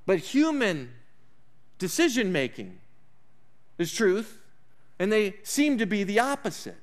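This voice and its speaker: A man preaching a sermon as a pastor, emphatic, slowing down and rising in pitch on key points. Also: big pitch swings.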